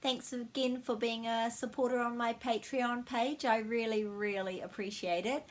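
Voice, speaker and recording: A woman with a New Zealand accent giving a casual language lesson, friendly and slowing down to model each word. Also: a little high, steady tone. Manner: friendly, slows down to model pronunciation. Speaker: language teacher.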